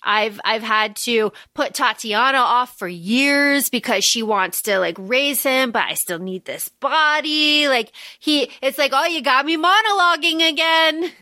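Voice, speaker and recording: A woman co-hosting a podcast, recapping a book in animated, casual chat full of "like" and "um", and swearing freely. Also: a little high, a little slow, hardly any pauses, no room sound. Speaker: podcast co-host.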